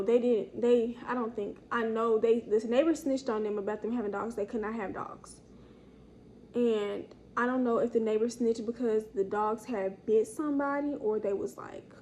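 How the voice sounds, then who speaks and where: Animated young woman telling a story. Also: a little hiss or hum. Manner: animated, slangy, acts out quotes in higher voice. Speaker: storytime vlogger. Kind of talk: casual storytelling.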